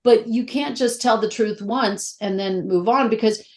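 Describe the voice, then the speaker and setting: A middle-aged actress speaking as a guest in a casual interview, candid and emotional, telling stories with a lot of feeling. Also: female voice, a little high, moderate pace. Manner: candid, emotional, animated storytelling.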